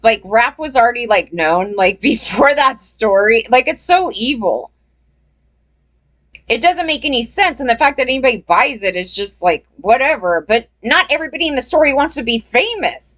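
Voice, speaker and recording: A woman's voice: a little high, expressive, normal speed, fairly bright tone. A woman hosting a casual commentary channel, talking bluntly and chattily to her viewers with plenty of fillers and some swearing.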